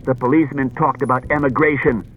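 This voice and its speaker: A man's voice: medium pitch, steady tone, fast talker, phone-quality sound, natural voice. A man doing a bitter, mocking worker. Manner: scornful and mocking.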